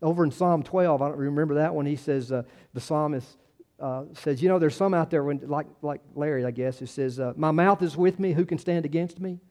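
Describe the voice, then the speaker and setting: Mellow-voiced man preaching conversationally. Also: on the high side, a little fast. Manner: conversational preaching, trails off and restarts, rises for emphasis. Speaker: pastor. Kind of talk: sermon.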